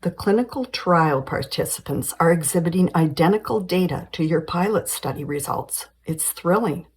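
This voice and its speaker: A woman reading the lines of a polite, fatherly older male doctor in a screenplay, in her own husky voice. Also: on the low side, animated, moderate pace, poor audio. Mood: cordial.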